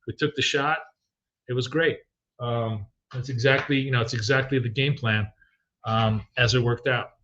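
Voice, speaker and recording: A man's voice: mid-range voice, steady tone, moderate pace, dull audio, background noise. A middle-aged man hosting a live trading stream, chatting casually and rambling with many ums and restarts.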